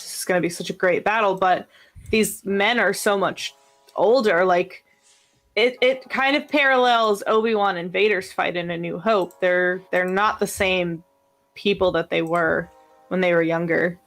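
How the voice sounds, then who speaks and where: A woman's voice: lowish voice, moderate pace, fairly bright tone, faint music behind. A woman co-hosting a casual podcast discussion, talking enthusiastically with lots of fillers. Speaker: podcast co-host.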